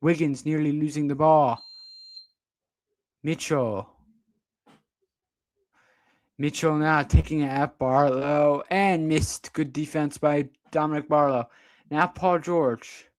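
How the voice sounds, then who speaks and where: Unhurried but excitable, a young amateur commentator gives play-by-play on a livestream, his voice spiking in pitch whenever a big play happens. It's a dry recording.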